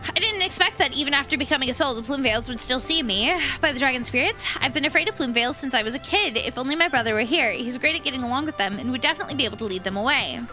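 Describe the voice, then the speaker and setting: A woman's voice: high-pitched, lively intonation, racing, hardly any pauses, bright, forceful tone, faint music behind. A woman reading a timid young villager spirit in a game, nervous and plain. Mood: fearful.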